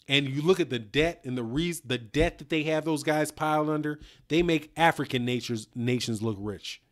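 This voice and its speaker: A middle-aged man hosting a boxing live stream, talking bluntly in slang and reading out viewer donations. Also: on the high side. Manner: blunt, animated slang-heavy talk, reads out super chats. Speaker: boxing channel host.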